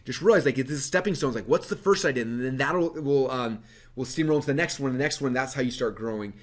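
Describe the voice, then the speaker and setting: A man presenting a webinar, telling his story to a live audience in a lively, animated way with many fillers. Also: mid-range voice. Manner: energetic, animated, quick-talking with many fillers.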